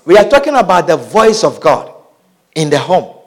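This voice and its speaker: In this sermon, a male preacher speaks at a moderate pace in a high, animated voice. Scripture is read aloud, his phrases come back again and again for emphasis, and he frequently breaks off to question the congregation.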